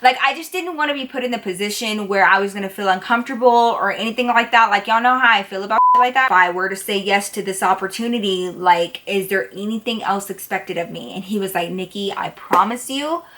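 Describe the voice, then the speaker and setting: A woman's voice: mid-range voice, fast talker, few pauses, background noise. A young woman telling a personal story in a casual, chatty way, full of "like" and "y'all". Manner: chatty, animated, peppered with "like" and "y'all". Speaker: storytime vlogger.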